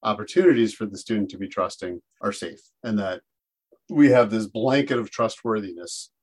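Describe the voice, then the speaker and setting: An earnest man co-hosting an education podcast, his voice sitting on the low side. He explains classroom practice patiently and acts out what he'd say to students. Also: normal speed, slightly rough. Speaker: teacher podcast co-host. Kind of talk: casual educational discussion.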